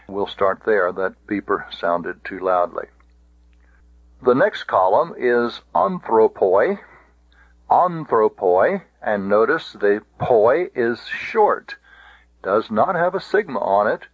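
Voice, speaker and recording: A man teaching Greek accent rules in a recorded lesson, saying each word form slowly and then repeating it. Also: fairly low pitch, no room sound, narrow, tinny audio.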